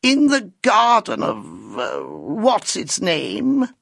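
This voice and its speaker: A man's voice: huge pitch swings, gravelly, fairly bright tone, dry recording, clean studio sound, full character voice. A man putting on a drawling affected old lady. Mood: languid. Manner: slow drawling, high put-on voice.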